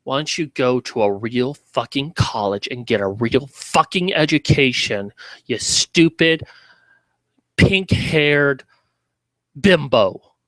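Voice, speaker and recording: A man's voice: mid-range voice, animated, slow pace, fairly bright tone, no echo. A man hosting a commentary video, ranting in a heated, sarcastic way with heavy swearing.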